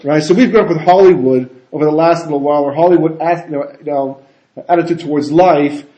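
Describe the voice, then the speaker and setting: A man giving a casual Torah talk as a rabbi, animated and full of rhetorical questions and asides. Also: a little high, fast, dull audio. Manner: animated, rhetorical questions, frequent "you know" and "right?". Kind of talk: casual conversational Torah lecture. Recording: echoey room.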